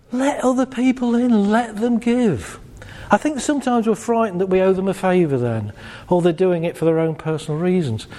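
A man giving a jokey, conversational motivational talk to a live audience, acting out voices as he goes. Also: high voice. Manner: animated, conversational, jokey, acts out quoted voices. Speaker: motivational speaker. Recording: long hall reverb.

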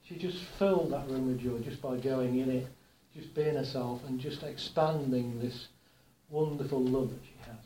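A man giving a relaxed, chatty talk to a live audience, telling anecdotes with gentle humour. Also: medium pitch, normal speed, roomy sound, slight background noise, low-quality recording. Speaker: workshop speaker.

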